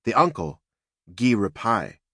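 An audiobook narrator, male and on the low side, recounts the story in an even, measured manner. No echo is present, and the recording is studio grade.

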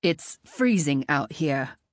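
A woman voicing a charming, stranded young man with a deep, raspy voice and a slight British-Scottish lilt, in an audiobook. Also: measured pace, no echo.

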